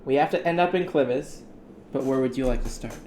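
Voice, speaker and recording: A man's voice: medium pitch, brisk, a little mellow. Laid back dm guy, short replies, lots of noise and clicks on the mic. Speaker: game master. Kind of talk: casual chat at a tabletop game.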